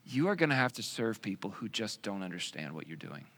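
A male pastor preaching a sermon in an animated, conversational way with joking asides. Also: on the low side, fairly quick.

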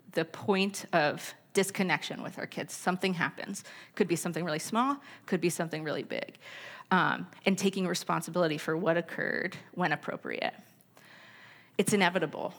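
A middle-aged woman giving a candid church talk on parenting, mixing personal stories with scripture quotes. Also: on the low side. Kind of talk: sermon-style teaching talk.

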